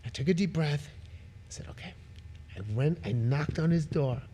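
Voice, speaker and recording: A man's voice: fairly high pitch, moderate pace. A middle-aged man telling stories as a podcast guest, acting out the voices of people in them. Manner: animated, acts out voices in his stories. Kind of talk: casual storytelling.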